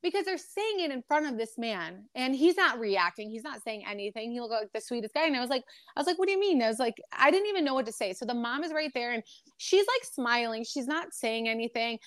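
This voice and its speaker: A woman's voice: fairly high pitch, expressive, fairly quick, no room sound, studio quality. A young adult woman co-hosting a podcast, telling a personal story in a rambling, emotional way with lots of fillers. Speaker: podcast co-host. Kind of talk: casual chat, personal story.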